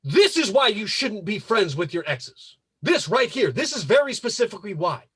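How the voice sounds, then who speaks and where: Husky high-voiced man ranting. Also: sing-song, normal speed, a bit bright, dry recording. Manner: emphatic, repetitive, profane. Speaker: podcast host. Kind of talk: casual podcast rant.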